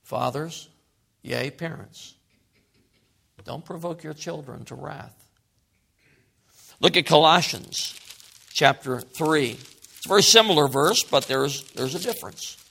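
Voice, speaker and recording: A middle-aged man preaching a sermon, swinging from loud emphasis to quiet asides. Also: fairly high pitch, measured pace, creaky, pauses often.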